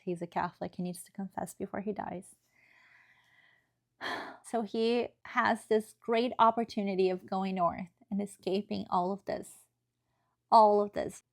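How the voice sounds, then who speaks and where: Gravelly-voiced woman reviewing a book. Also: mid-range voice. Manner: earnest, emotional, chatty with frequent tag questions. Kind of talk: casual book review vlog.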